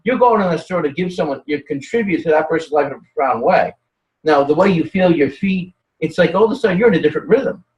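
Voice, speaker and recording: Guy rambling on in a lively up-and-down voice, kinda high, sounds far off in an echoey room. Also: quick pace. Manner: rambling, animated storytelling with many restarts. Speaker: guest. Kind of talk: casual conversational chat. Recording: roomy, distant from the mic.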